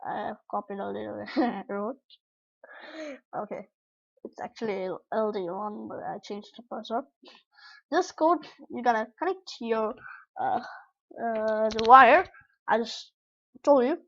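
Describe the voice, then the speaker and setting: Young woman, high voice, casual rambling tutorial talk, self-correcting, dull lo-fi laptop sound. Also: measured pace, gravelly, pauses often. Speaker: tutorial vlogger.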